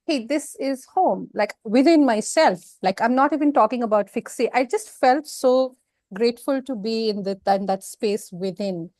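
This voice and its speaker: A woman speaking as an interview guest, telling a personal story in a frank, emotional, expressive way. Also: fairly high pitch, dry recording.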